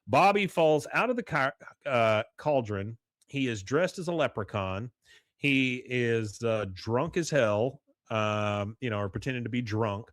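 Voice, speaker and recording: A man at a mid-pitched, ordinary register recaps a cartoon episode on a podcast, rambling with plenty of "uh" and little acted quotes. His voice is close and dry, with no room around it. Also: lively intonation, a little slow, dry recording. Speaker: podcast host.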